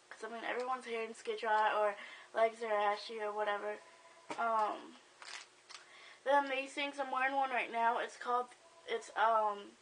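A young woman talks through a casual vlog with a slightly high voice. She rambles loosely and fills her pauses with "um" and "like." Faint background noise sits under the recording. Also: a bit bright, low-quality recording. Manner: chatty, rambling, lots of "um" and "like". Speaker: beauty vlogger. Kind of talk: casual gift-idea vlog.

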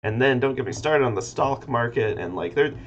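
A man's voice: medium pitch, expressive, brisk. A man streaming casual chat, rambling about games and muttering to himself as he works on a computer. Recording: slightly dull lo-fi audio with faint noise.

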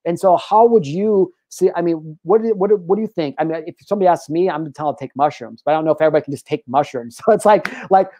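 An American man hosting a podcast interview, talking in an animated, emphatic way. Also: a little high, quick pace, few pauses, no echo. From United States. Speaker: podcast host. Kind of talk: casual interview chat.

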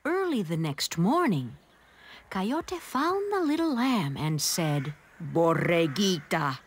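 A woman reading a children's story aloud in an expressive, unhurried way, with music behind her. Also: on the high side, husky. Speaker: storybook reader.

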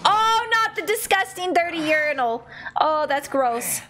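A woman streamer giving casual, joking commentary while playing a video game, often shouting reactions. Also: high voice, sing-song, measured pace, a little hiss or hum. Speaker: gaming streamer. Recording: game audio and music playing behind. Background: game music.

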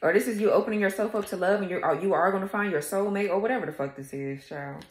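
With a mid-range voice and a fast way of talking, a tarot reader does an informal reading in a reverberant room. She speaks straight to her viewers, full of cursing and sass, bluntly, laughing every so often.

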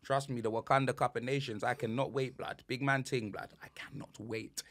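Young man, podcast host, slangy sports banter, middle pitch, dry close sound. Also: fairly quick, no room sound. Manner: slangy, laughing, animated jokes.

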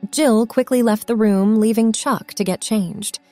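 A woman narrating a scripted story in an expressive reading voice. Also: on the high side, measured pace, few pauses. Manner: expressive, acts out the characters' lines. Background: faint background music.

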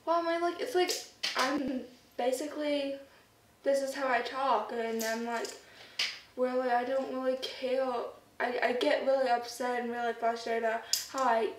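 A woman with a high, light voice chats on and on to her camera, stringing thoughts together with plenty of fillers. She sits some way off from the mic in a room at home that gives her voice a roomy echo, with a faint hiss underneath. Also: flat delivery, moderate pace, recorded from a distance. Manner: rambling, chatty, many fillers. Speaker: vlogger. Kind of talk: casual chat to camera.

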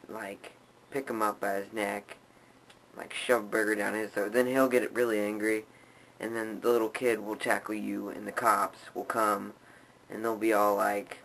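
A man's voice: on the low side, fairly bright tone, slight background noise, low-quality recording. A man playing his fed-up angry alter ego. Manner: grumbling, profane ranting. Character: fed-up angry young male ranter.

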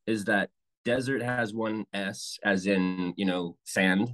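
A man chatting casually on a podcast, animated and swearing, his voice jumping up when he gets excited. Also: lowish voice, slow pace, poor audio.

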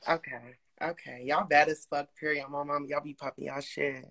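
A man's voice: on the high side, flat delivery, moderate pace, gravelly, bright, forceful tone, breathy edge. A man from Indiana joining a livestream as a guest, gushing with compliments, laughing often and swearing casually.

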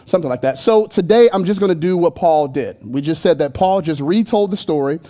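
A pastor preaching in a church, his voice sitting high for a man. The tone is mellow and warm, never sharp. He keeps it casual and joking, throwing asides at the crowd into a handheld mic. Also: lively intonation, brisk. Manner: conversational and playful, with asides and jokes to the congregation. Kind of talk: sermon. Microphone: handheld microphone.

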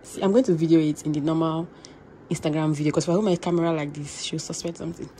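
A woman's voice: sits low, quick pace, a little hiss or hum. A young woman chatting casually to her vlog audience. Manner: chatty, laughing, animated. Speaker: vlogger.

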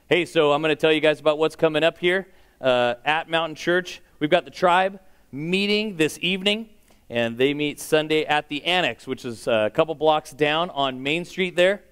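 Joking guy doing the church announcements, smooth clear voice, pretty upbeat. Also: a little high, normal speed, a bit bright.

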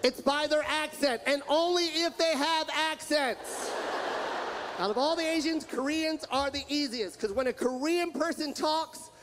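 A male stand-up comedian performing a set, loud and punchy, shouting his punchlines into a live show mic. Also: very high-pitched, unhurried, noisy background.

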